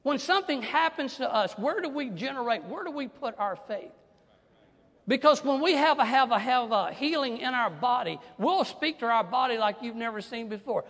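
A man with a very high, bright voice preaches a sermon as pastor. He swings from hushed asides to loud, animated declarations. His voice rings with the long reverb of a large church hall. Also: brisk, gravelly.

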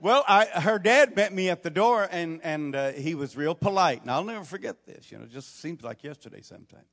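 Now his voice is on the high side, expressive, a bit bright and a little fast, as the older pastor's folksy sermon rises into emphatic preaching. The church sanctuary adds long hall reverb.

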